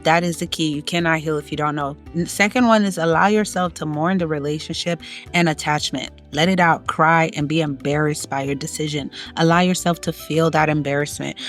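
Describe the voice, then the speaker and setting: A woman giving motivational advice in a monologue, emphatic and preachy, repeating her key phrases for stress. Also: low voice. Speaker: self-help vlogger.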